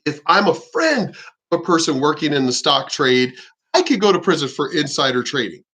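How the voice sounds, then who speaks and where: A man's voice: on the high side, very animated, moderate pace, sharp tone. A man ranting on his vlog, heated and profane. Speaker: vlogger. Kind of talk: casual rant.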